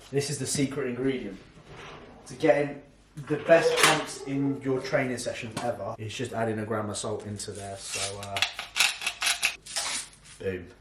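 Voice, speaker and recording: A man's voice: medium pitch, echoey room, noisy background. A man, a fitness vlogger and coach, chatting casually and jokingly through a product review and swearing freely.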